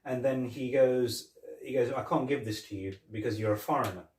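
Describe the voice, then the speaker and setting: A man chatting on a podcast, acting out quoted lines as he goes. His voice sits at an everyday pitch. He is miked from a distance in a roomy space. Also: fairly quick. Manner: animated storytelling, retelling scenes with quoted lines and laughs. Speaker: podcast co-host. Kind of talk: casual chat.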